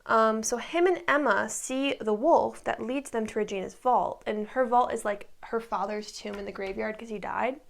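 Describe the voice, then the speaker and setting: Young woman with a gravelly voice. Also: a little high, moderate pace, hardly any pauses. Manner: rambling, lots of likes and ums. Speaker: recap vlogger. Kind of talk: casual chatty recap.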